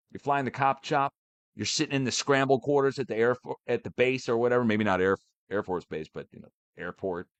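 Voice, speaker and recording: A man's voice: medium pitch, a bit bright, no room sound. A middle-aged man ranting in a rambling, sarcastic monologue, mocking and swearing as he hosts his own channel. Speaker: online channel host.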